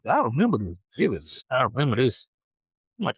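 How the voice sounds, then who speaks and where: A man's voice: medium pitch, a little fast, breathy edge, dry recording, low-quality recording. A young man hosting a podcast, telling a story from his childhood in a casual, slangy way, with lots of repetition. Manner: animated, slangy, repeats himself. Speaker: podcast host.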